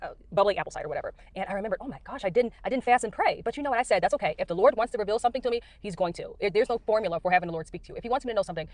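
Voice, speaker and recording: A woman's voice: mid-range voice, animated, rapid-fire, few pauses, no echo. A middle-aged woman from the United States, recording in her car, earnestly telling about her dreams in a rambling way with many fillers. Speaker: Christian speaker sharing dreams. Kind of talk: casual testimony.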